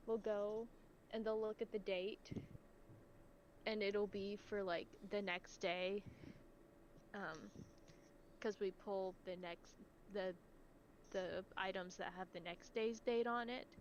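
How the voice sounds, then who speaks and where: A woman's voice: mid-range voice, steady tone, slow pace, long pauses, darkish tone, dull audio, a little hiss or hum. A woman telling a casual, exasperated story about her bakery job, full of likes and ums. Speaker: bakery worker telling stories.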